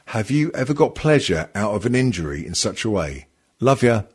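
A man with a husky voice hosts a loose, rambling comedy podcast. He swears freely and laughs often, and his pitch swings up and down with a lot of life. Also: sing-song, moderate pace. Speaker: podcast host. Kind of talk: casual comedy podcast chat.

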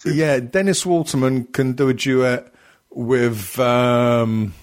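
A man's voice: medium pitch, steady tone, slow pace. A man co-hosting a crude comedy podcast, joking and rambling with plenty of fillers and restarts. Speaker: podcast co-host.

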